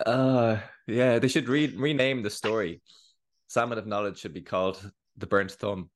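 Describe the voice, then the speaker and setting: A man co-hosting a casual podcast, telling stories in a relaxed way with wry humour. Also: mid-range voice. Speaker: podcast co-host.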